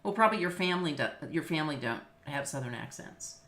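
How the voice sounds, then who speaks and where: Over a video call, this middle-aged woman from Los Angeles, a business law teacher, chats casually with many fillers and easy laughs. Her voice is low and a bit bright, with lively intonation and a quick pace. The recording comes from an echoey room.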